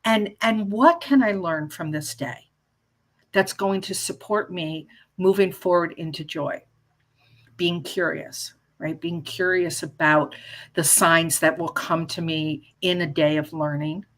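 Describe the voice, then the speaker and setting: A woman's voice: on the low side, slow pace. A woman in her fifties, a life coach on as a guest, chatting casually and playfully, often restarting her sentences and acting out little scenes. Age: 50s. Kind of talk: casual interview chat.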